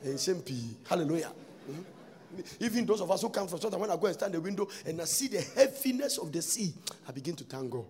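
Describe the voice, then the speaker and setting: A man preaching a sermon, breaking into sudden shouts and sing-song lines. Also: sits high, expressive, fast.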